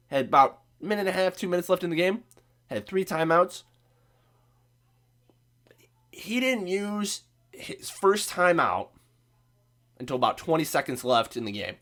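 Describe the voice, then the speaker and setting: Sick Midwestern man ranting, voice cracking. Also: on the high side. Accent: Midwestern American. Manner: profane, sarcastic, animated ranting. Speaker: podcast host. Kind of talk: casual sports rant.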